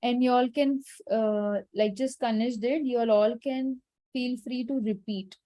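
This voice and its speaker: A woman teaching French in an online class, patient and instructive but gently firm with her students. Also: a little high, steady tone, takes it slowly. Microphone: video call.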